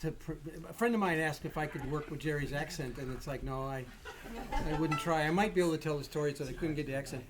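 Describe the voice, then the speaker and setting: A man's voice: fairly high pitch, fast, over music. Dry-joking guitarist man at a house concert. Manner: dry, short joking replies. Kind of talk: casual onstage banter. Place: living room at a house concert.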